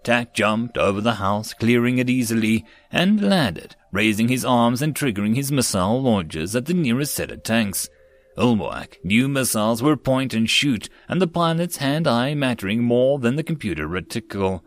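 A man narrating a web novel as an audiobook, in a steady storytelling read. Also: mid-range voice, moderate pace.

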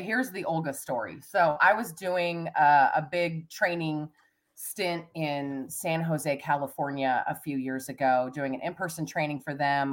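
A woman co-hosting a casual podcast, telling animated stories, laughing often and acting out quotes. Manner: animated storyteller, acts out quotes in a high voice; laughs often, big vocabulary. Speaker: co-host. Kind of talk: casual podcast chat and storytelling.

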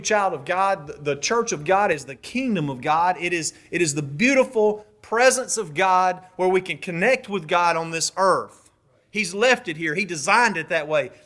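Animated preacher man, slightly high voice. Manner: animated preaching, swinging between soft and loud; acts out voices in brief quotes. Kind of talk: sermon.

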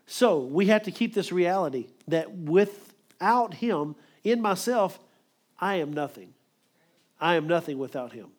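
Male preacher, slightly higher voice, emphatic, quick sermon delivery. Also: expressive.

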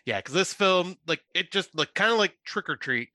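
A man's voice: high-pitched, lively intonation, moderate pace, sharp tone. A man co-hosting a podcast, chatting casually and supportively, laughing along. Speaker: podcast co-host. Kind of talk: casual film review chat.

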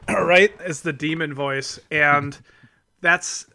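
Bright-voiced joking co-host man. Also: fairly high pitch, extremely slow, gravelly. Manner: laughing, loose, joking asides. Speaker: podcast co-host. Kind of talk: casual podcast chat.

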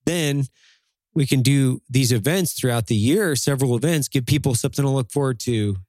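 A man with an ordinary, middle-pitched voice talks bluntly and swears freely. He sounds like he is giving a motivational push in a casual podcast chat. The recording is dry and close, with no room sound. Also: normal speed, a little mellow, dry recording.

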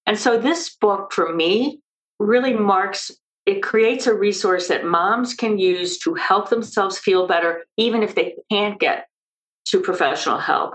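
An older woman speaks as a guest on a podcast interview. Her voice sits fairly low, and she explains things emphatically, bringing in lively stories. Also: poor audio. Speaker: maternal mental health expert guest.

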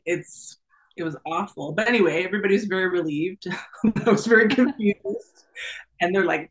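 A middle-aged woman, a guest in an interview, telling a personal story in a lively, casual way, laughing often and acting out the voices of the people in her story. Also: on the low side, normal speed, rough recording. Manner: animated, laughs often, acts out quoted voices.

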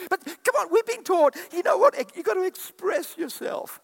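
A man's voice: extremely high pitch, lively intonation, moderate pace, gravelly. A man preaching a sermon to a congregation, acting out quoted voices and calling back to the crowd. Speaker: pastor. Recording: echoey hall with long reverb.

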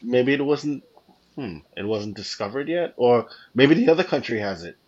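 A man's voice: mid-range voice, animated, normal speed, breathy edge, muffled recording. A man co-hosting a podcast in casual chat, chiming in with jokes and asides. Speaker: podcast co-host.

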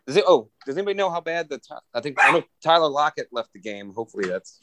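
A man's voice: on the high side, big pitch swings, quick pace, very noisy. A man in a casual sports chat, thinking aloud with hesitations and trailing-off sentences. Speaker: regular panelist.

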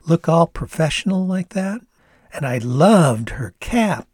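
A man's voice: a little high, sing-song, slow pace, a little mellow, husky, no room sound, clean studio sound, pitched above the performer's own voice, full character voice. A man voicing a laid-back young woman backpacker with a Canadian accent, in an easygoing, dreamy drawl.

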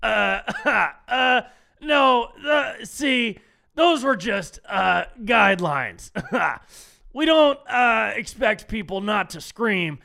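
A man's voice: high voice, animated, extremely slow, creaky, pitched above the performer's own voice, full character voice. A man putting on a mocking impression of a condescending male politician, whiny and sarcastic. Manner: whiny, sarcastic, shouting through laughs.

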